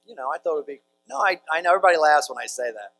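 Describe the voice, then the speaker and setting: A man's voice: a little high, animated, rapid-fire, fairly bright tone, slight background noise, low-quality recording. A man, a priest speaking to a large audience in a conversational storytelling talk with jokey asides to the crowd. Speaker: priest giving a conference talk.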